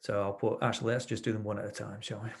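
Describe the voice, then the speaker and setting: A man's voice: on the low side, flat delivery, rapid-fire, gravelly, breathy edge. A man teaching a webinar as a trainer, explaining his ideas through anecdotes from his sessions, with frequent restarts. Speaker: NLP trainer. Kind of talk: webinar lecture.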